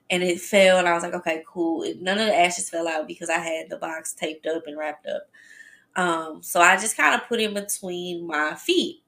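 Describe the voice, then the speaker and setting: A woman hosting a podcast, telling a personal story in a chatty, animated way and talking straight to her listeners. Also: lowish voice. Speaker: podcast host. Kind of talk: casual storytelling.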